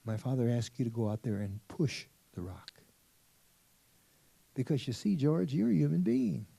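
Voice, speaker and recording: A man voicing Jesus as a calm, patient, reassuring figure in a sermon story. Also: medium pitch, moderate pace, gravelly, husky, no room sound, heavily acted.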